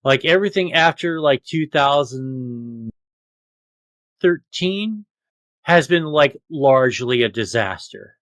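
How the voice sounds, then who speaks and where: A man's voice: mid-range voice, lively intonation, takes it slowly, no echo. Ranting, profane man on a podcast. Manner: profane, ranting, loud outbursts. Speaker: podcast co-host. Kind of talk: casual podcast chat.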